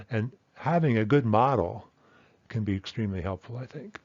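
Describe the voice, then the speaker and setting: A man's voice: on the low side, expressive, normal speed, darkish tone, no room sound, lo-fi sound. A man teaching a language lesson and explaining at a thoughtful pace, with fillers and self-corrections.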